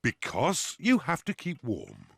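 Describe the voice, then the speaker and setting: An actor playing a good-natured father pig in a cartoon, calm and patient. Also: medium pitch, slow, vocal fry, exaggerated voice. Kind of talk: cartoon voice acting.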